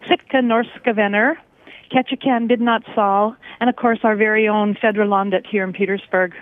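A woman's voice: medium pitch, steady tone, no echo. Cheerful woman calling in by phone. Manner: cheerful, lists names briskly. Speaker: caller. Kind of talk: call-in greetings. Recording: tinny phone line.

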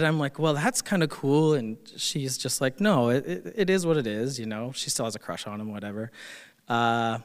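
A man telling a true personal story on stage in an animated, self-mocking way. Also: medium pitch, clear, resonant tone, in a large hall.

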